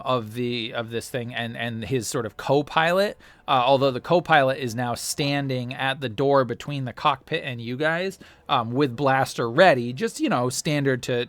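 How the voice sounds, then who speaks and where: A man's voice: mid-range voice, fairly bright tone, dry recording. A man running a tabletop role-playing game as game master, narrating with many fillers and restarts. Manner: halting, full of fillers and restarts.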